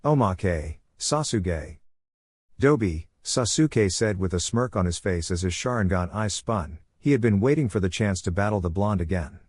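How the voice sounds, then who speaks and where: A man narrating a fan-fiction story as an audiobook in a steady, even reading. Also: low voice, a little fast, hardly any pauses, no echo, studio quality.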